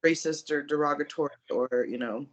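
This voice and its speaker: A woman's voice: low-pitched, brisk, lo-fi sound, slight background noise. A woman chatting casually on a podcast, blunt and laid-back, swearing offhand. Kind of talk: casual chat.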